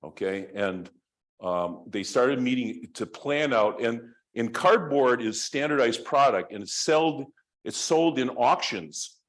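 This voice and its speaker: A man's voice: medium pitch, lively intonation, takes it slowly, fairly bright tone. A man giving a university lecture, telling a story in a rambling, conversational way with many restarts.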